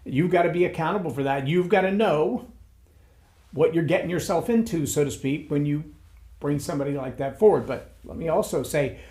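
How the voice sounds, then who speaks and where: Higher-pitched male speaking coach, measured reflective monologue. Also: darkish tone. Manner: reflective, measured, with repeated phrases for emphasis. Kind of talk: solo talk to camera.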